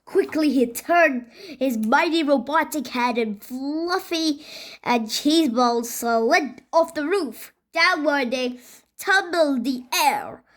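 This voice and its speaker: A woman reads a children's book aloud in a high voice, going slowly. She stumbles and restarts words now and then. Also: expressive. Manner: halting, with slips and restarts. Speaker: reader.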